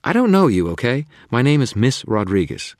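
A wary young woman reporter, firm and curt, keeping strangers at arm's length, as a deep-voiced male narrator puts her on. The voice is husky and the recording sounds dry and close. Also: normal speed, no echo. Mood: guarded. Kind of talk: audiobook reading.

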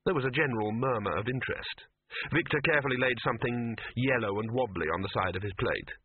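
A man narrating an audiobook in a measured, wry way, on a tinny, phone-like recording. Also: mid-range voice, husky, no room sound.

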